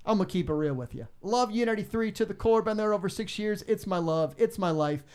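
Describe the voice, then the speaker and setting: A man's voice: fairly quick, smooth. A man who works as a radio DJ, telling stories in a casual interview and acting out callers with big jumps in his voice. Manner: animated, acts out callers with big pitch jumps.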